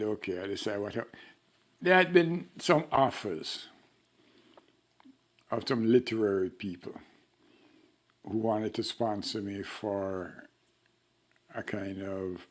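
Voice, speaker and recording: A man's voice: fairly low pitch, expressive, takes it slowly, long pauses. An older man with a Jamaican accent, telling stories in a wry, blunt way during an oral history interview. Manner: wry storyteller, blunt and frank.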